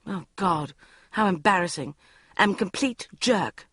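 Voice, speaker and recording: A woman narrates a comic diary audiobook in first person. Her pitch swings widely as she reads with wry, self-mocking expression. The recording is dry and close. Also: big pitch swings, moderate pace, dry recording.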